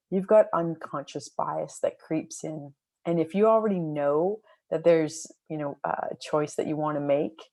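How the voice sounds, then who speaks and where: A woman with a low-pitched voice hosts a podcast about making decisions. She talks in an earnest, reflective way, often pausing on fillers and restarting her sentences. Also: darkish tone. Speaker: decision coach and podcast host. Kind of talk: podcast storytelling monologue.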